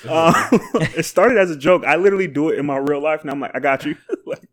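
Man, podcast co-host, casual chat, slightly high voice, laughs often. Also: fast talker. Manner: laughs often, quotes others in animated voices.

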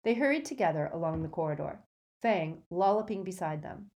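A woman with a fairly low voice reads a storybook aloud. Her narration stays steady and measured.

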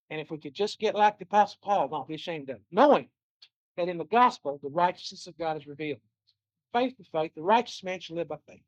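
A man preaching a sermon. He talks earnestly, repeats his phrases and slows down to stress scripture. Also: high voice, breathy edge, no room sound. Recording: dull lo-fi dry recording.

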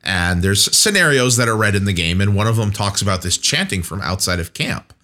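A man's voice: lowish voice, animated, a little fast, bright, forceful tone. A man co-hosting a podcast, telling casual stories about tabletop game sessions and briefly acting out little voices. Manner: storytelling, acts out short voices. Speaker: podcast co-host. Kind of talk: casual tabletop gaming chat.

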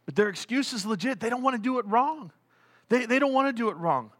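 High, bright-voiced male pastor. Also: fairly quick. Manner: animated, acts out quotes, frequent restarts. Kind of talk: conversational sermon.

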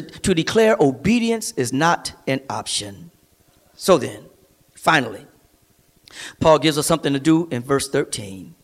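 A man's voice: medium pitch, animated, moderate pace. A man preaching a sermon as a pastor, building emphasis through repeated phrases, in a church service streamed online. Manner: preaching with rising, emphatic repetition.

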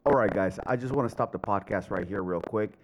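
A man's voice: lowish voice, brisk, pitched below the performer's own voice, natural voice, rough recording. A man putting on a stiff, formal voice for a mock public apology. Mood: mock solemn.

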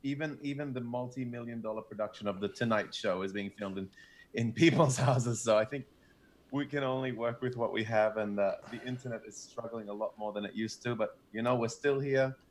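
An easygoing man co-hosts a podcast from home in a wry, casual way. His voice sits at a middling pitch. Faint noise hums under the streamed audio. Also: brisk. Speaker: podcast co-host. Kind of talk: casual chat.

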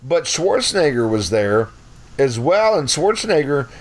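A man's voice: on the high side, big pitch swings, a little slow. Profane, rambling middle-aged man. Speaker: podcast guest. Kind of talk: casual storytelling.

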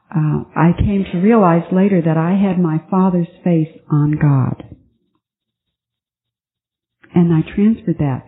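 A woman sharing her recovery story at a twelve-step meeting, earnest and halting with many restarts. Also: low voice. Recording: tinny phone-like conference tape.

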